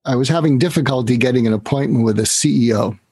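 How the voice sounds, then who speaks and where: This man talks at a quick pace in a slightly rough, mid-range voice. An author who also trains people in negotiation, he's telling stories during a podcast interview and acting out the dialogue with animation.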